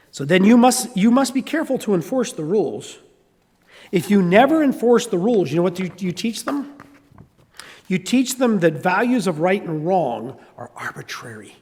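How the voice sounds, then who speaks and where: This pastor is an older man with a Southern US accent whose high-pitched, creaky voice fills a large hall. Mid-sermon, he tells lively stories and performs different voices.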